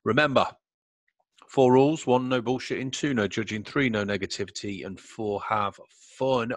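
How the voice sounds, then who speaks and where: A man's voice: on the low side, moderate pace, dry recording. A middle-aged man hosting a podcast in casual chat, laughing easily and swearing now and then. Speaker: podcast host. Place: home room called a man cave.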